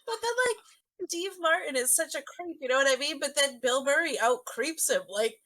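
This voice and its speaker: A woman in casual podcast chat, quick to agree and giggly. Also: high voice, bright, forceful tone. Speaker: podcast co-host.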